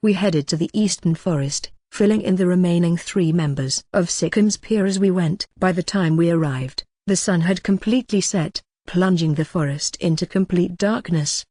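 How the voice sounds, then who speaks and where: An audiobook narrator giving a steady, even scripted reading of a fantasy novel. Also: medium pitch, moderate pace, few pauses, no room sound, clean studio sound.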